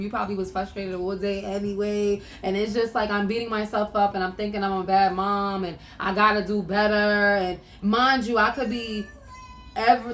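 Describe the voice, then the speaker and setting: A woman's voice: medium pitch, fairly bright tone, a little hiss or hum. A young woman hosting her own podcast, talking candidly and emotionally about her life, with lots of "like" fillers and some swearing. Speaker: podcast host. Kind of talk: casual personal monologue.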